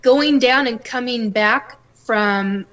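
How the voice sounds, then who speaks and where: A middle-aged woman, a guest on a talk show, tells her stories in a lively, animated way and acts out the voices of the people in them. Her voice sits fairly high. She takes her time and lets the words come slowly. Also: lo-fi sound. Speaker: psychic guest. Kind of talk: casual storytelling interview.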